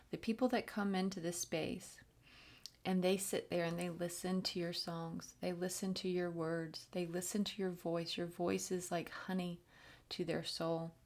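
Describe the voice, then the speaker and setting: A woman giving a channeled spiritual reading, gentle and encouraging, with many fillers and restarts and frequent drops into soft whispers. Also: on the low side. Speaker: channeled reader.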